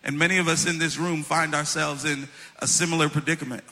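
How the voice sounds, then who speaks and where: A man's voice: on the high side, steady tone, fairly quick, pushed and bright. A man preaching a sermon to a congregation, storytelling and calling them y'all. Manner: storytelling, addresses audience as y'all. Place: in front of a congregation.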